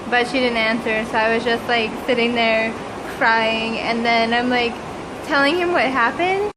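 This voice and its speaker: A woman travel vlogger telling a dramatic story in a casual, animated way and quoting the people she met. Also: a little high, moderate pace, background noise.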